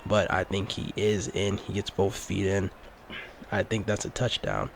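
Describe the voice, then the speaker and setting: A man giving casual play-by-play commentary over his football video game, rising with excitement on big plays. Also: low voice, a little slow, creaky, slight background noise. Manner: mock sportscaster play-by-play, lively on big plays. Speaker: gaming YouTuber.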